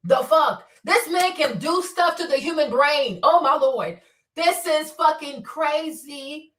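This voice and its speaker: A woman hosting a casual livestream, talking in an animated, profane way that swings between loud outbursts and quiet mutters. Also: sits high, slow pace, far from the mic. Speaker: livestream host. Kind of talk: casual unscripted commentary. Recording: roomy echo, voice a bit off-mic.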